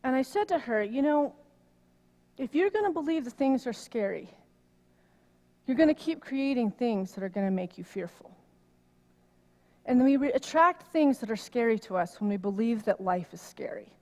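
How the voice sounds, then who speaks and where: A middle-aged woman minister preaching in a chatty, storytelling way, her voice fairly high and lively. She gets loud and animated as the story builds. A long reverb from the church hall trails behind her. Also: moderate pace, pauses often. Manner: animated storytelling, rising loud when worked up. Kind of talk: conversational sermon. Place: church sanctuary.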